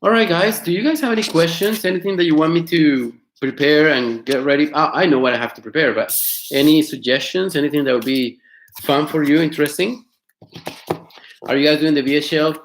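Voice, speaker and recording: Man teaching vocabulary in an echoey room. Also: fairly high pitch. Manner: explains slowly, repeats words, asks students questions. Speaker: Spanish teacher. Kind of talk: online class lesson. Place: home studio.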